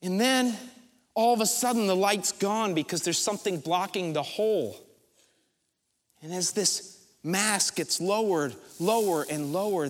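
A man preaching a sermon as a pastor, retelling a scene as a vivid story and pausing often for drama. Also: sits high. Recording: long reverb from a large hall.

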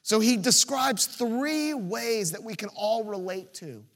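A young man from Virginia Beach preaching a sermon, telling a story and acting out the shouted lines. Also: high-pitched, lively intonation, takes it slowly, creaky. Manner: storytelling, acts out shouted quotes. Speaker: pastor.

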